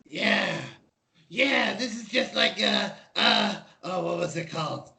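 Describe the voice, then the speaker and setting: A man voicing Twang, a naive, childlike male performer who talks in simple, halting broken sentences. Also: sits high, vocal fry, pushed and bright, full character voice. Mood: rambling. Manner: simple halting speech, dropped articles. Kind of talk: in-character tabletop role-play.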